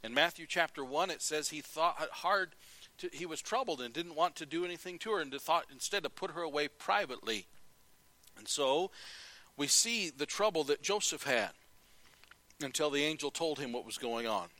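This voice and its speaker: A man's voice: fairly high pitch, animated, normal speed, sharp tone, rough recording. A man preaching a sermon as pastor, telling stories, reading scripture aloud and asking rhetorical questions.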